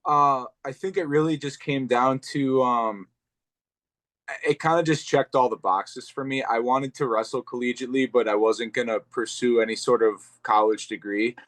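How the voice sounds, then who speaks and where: A man's voice: medium pitch, steady tone, moderate pace, fairly bright tone. A young man, a pro fighter, talking casually as an interview guest in a laid-back, rambling way with lots of fillers. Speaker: professional MMA fighter, guest.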